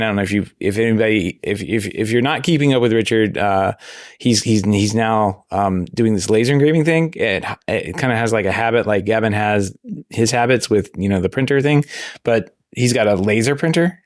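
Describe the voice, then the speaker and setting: A somewhat low-voiced man hosting a laid-back podcast from his desk at home, his voice still hoarse and only half recovered. He rambles and restarts his sentences, laughing along the way. The sound is close and dry, with no room around it. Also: moderate pace, no room sound. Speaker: podcast host. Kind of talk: casual podcast chat.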